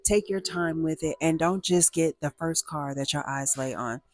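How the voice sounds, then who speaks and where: Casting: woman doing a firm, no-nonsense mother, low-pitched, dry sound. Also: moderate pace, no echo, lightly acted. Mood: stern. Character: skeptical, practical mother.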